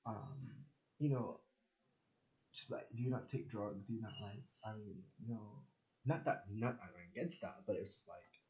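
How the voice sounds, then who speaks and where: A man's voice: on the low side, normal speed, a little mellow, lo-fi sound. Rambling young man full of fillers. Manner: rambling, heavy filler words, swearing, acts out quoted people. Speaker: vlogger. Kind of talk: casual storytelling monologue.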